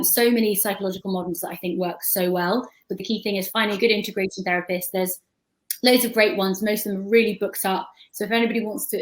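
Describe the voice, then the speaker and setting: A woman's voice: mid-range voice, low-quality recording. A woman on a video-call panel, talking at length in a thoughtful, chatty way and often restarting her words.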